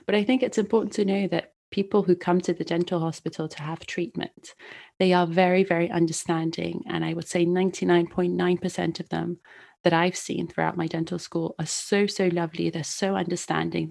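A woman's voice: fairly low pitch, creaky, a little mellow. A woman with dental training chatting casually and telling anecdotes from her clinic years. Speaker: dentist. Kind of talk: casual storytelling chat.

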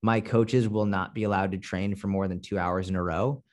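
A man's voice: sits low, steady tone, normal speed. A man with a Boston accent, a fitness coach talking bluntly and swearing freely as a podcast guest. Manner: blunt, profane, no-nonsense. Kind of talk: casual podcast interview.

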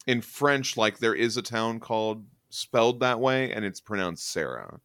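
A man's voice: lowish voice, lively intonation, moderate pace, a bit bright, no echo, clean studio sound. A man hosting a podcast, recapping a story in a casual, chatty way with lots of fillers. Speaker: podcast host. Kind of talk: casual book-club discussion.

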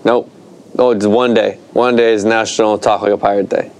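A man's voice: lowish voice, flat delivery, a little fast, a little mellow. A young man co-hosting a podcast, rambling casually with lots of fillers and swearing. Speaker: podcast co-host. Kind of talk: casual chat.

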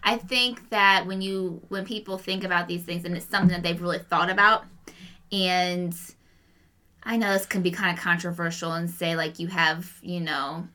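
Woman podcast co-host, bright-toned, casual and sincere. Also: fairly low pitch, steady tone, normal speed. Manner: chatty, earnest, thinks out loud. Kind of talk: casual chat.

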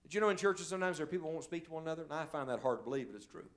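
Male evangelist, somewhat high-pitched, storytelling sermon delivery with big loud-to-soft swings. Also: animated, racing. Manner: storytelling preacher, swells loud then drops to a hush. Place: church service.

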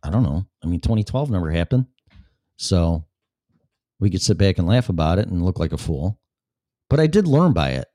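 A man hosts his own talk show and answers the chat room in a blunt, sarcastic way, swearing freely. His voice sits very low and mellow. The sound is close and dry. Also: big pitch swings, moderate pace, pauses often, no room sound. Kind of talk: casual solo show, reading chat aloud.

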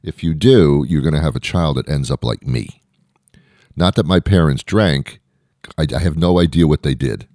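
Male podcast host, middle-aged, extremely deep voice, meandering self-deprecating patter, dry booth sound. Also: normal speed, mellow, no echo. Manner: meandering, self-deprecating, lots of fillers and restarts. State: out of breath. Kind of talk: rambling comedic monologue.

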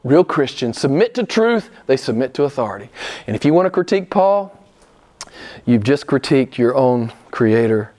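A man preaching a sermon as pastor, emphatic, firing off rhetorical questions and swinging from loud declarations to hushed asides. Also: mid-range voice, sing-song, normal speed.

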